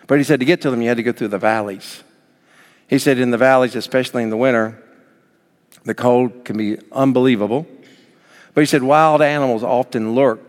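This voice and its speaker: A man preaching a sermon as pastor, swinging from soft, low passages up to near shouts. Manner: dynamic preaching, rising to near shouts then dropping soft. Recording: long hall reverb.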